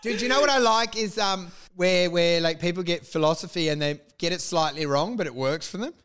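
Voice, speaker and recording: A man's voice: high voice, a little fast, smooth. A young Australian man in casual, sweary podcast banter who keeps acting out other people in his stories. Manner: animated, swearing, acts out people in bits. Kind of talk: casual chat.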